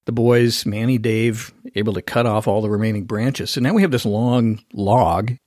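A man hosting a podcast, telling a story in an animated, casual way and acting out the voices of the people in it. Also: lowish voice, normal speed, dry recording, clean studio sound. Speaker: podcast host.

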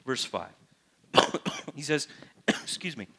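Animated preacher man delivering a sermon. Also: a little high, moderate pace. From United States. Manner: animated, rises sharply for emphasis and mock-prayer voices; asks the congregation direct questions. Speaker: pastor.

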